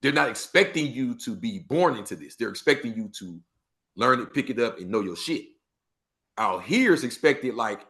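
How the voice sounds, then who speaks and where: A man from Los Angeles with a Los Angeles accent, a podcast guest talking in an animated way, acting out quoted street talk with heavy slang. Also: medium pitch, normal speed, creaky. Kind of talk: casual storytelling interview.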